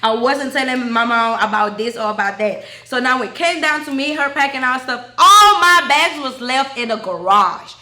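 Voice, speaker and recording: High bright-voiced woman in her twenties. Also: lively intonation, moderate pace, few pauses, echoey room. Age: 20s. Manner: emphatic, addresses viewers as y'all, swears freely. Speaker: vlogger. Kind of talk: candid storytelling to camera.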